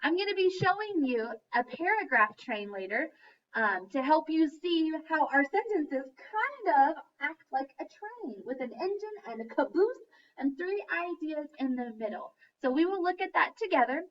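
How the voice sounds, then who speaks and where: Woman, teacher, lesson for young kids, slow clear sing-song delivery, high voice, dull lo-fi recording. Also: very animated, recorded from a distance. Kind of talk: classroom lesson for young children. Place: classroom.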